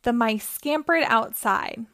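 A woman hosting storytime, reading a children's picture book aloud in a gentle, clear way. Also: a little high, slow pace, dry recording, clean studio sound. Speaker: storytime host.

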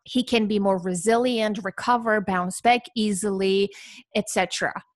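A woman talking as a guest on a podcast, measured, explaining with examples and lists. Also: mid-range voice, steady tone, no room sound.

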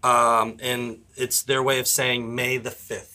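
A man's voice: mid-range voice, little pitch movement, slow, pushed and bright. A man who is a pastor, co-hosting a podcast in casual, joking chat and rambling with many fillers.

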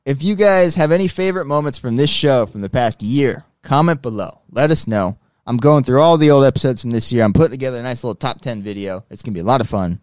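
A man hosting a podcast, chatting casually and joking in an animated way. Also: mid-range voice, no echo. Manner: animated, quick, jokey. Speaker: podcast host. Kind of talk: casual chat.

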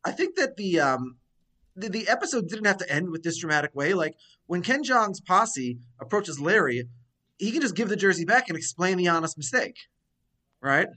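A man's voice: high-pitched, sing-song, moderate pace, bright, forceful tone. A man co-hosting a podcast, giving wry, opinionated takes on an episode. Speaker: podcast co-host. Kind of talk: casual chat, reviewing an episode.

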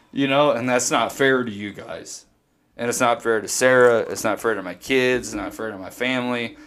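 Podcast co-host, man, 30s, animated storyteller, salty language. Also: medium pitch. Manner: animated storytelling, swears freely. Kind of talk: casual podcast chat.

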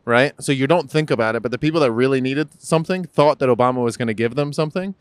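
A man's voice: medium pitch, fast, smooth, no room sound. Male podcast co-host, casual and profane, rambling, dry close-mic sound. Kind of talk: casual political chat.

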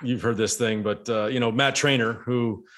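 A former baseball player telling a story in casual chat, rambling and animated with many restarts. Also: male voice, mid-range voice, normal speed.

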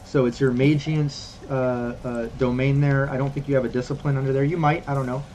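A man running a tabletop game as game master, talking in a relaxed, rambling way with many fillers. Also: medium pitch, fairly quick, dull audio, slight background noise.

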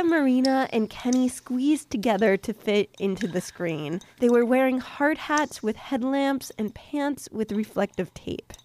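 A woman hosting a science podcast, explaining things clearly and cheerfully, recorded at her desk. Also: fairly high pitch, warm tone. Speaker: podcast host. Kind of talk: scripted science narration.

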